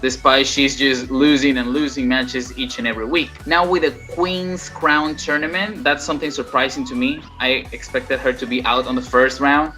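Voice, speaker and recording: A host giving a casual, measured run-down of opinions in list form. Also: medium pitch, fairly even intonation, pushed and bright, soft background music. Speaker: channel host. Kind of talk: casual wrestling commentary.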